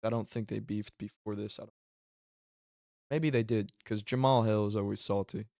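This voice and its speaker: A man giving casual reaction commentary on fights, excitable and profane, often bursting into exclamations. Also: fairly low pitch, normal speed, creaky, no echo, studio quality. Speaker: MMA commentary YouTuber.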